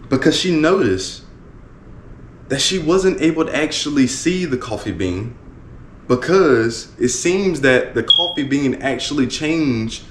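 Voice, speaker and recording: A man's voice: fairly high pitch, slight background noise. A man working as a motivational speaker, telling a story in an earnest, repetitive way with many restarts. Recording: roomy echo with faint ambience.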